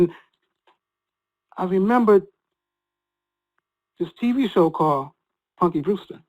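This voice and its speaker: Telling an emotional story from his own life, a guest speaker with a high, animated voice keeps stopping and starting over in an earnest, halting way. The recording quality is rough.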